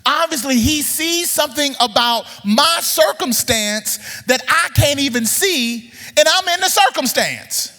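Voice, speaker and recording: A man preaching a sermon in a church, animated, repeating words as he builds up and throwing questions at the audience. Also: very high voice, unhurried, few pauses, in a large hall. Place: church sanctuary.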